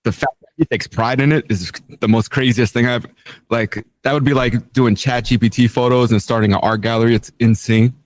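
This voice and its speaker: A man's voice: medium pitch, fairly even intonation, a little fast. A man guesting on a podcast, laid-back and self-mocking, laughing at himself as he talks. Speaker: podcast guest, beginner stand-up comic. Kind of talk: casual podcast banter.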